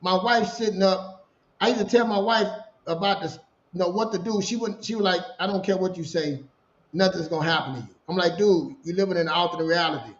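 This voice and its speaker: Middle-aged man, high-ish voice, animated casual storyteller; roomy, muffled room sound. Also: brisk. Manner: animated, repeats himself, laughs while telling. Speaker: podcast co-host sharing his story.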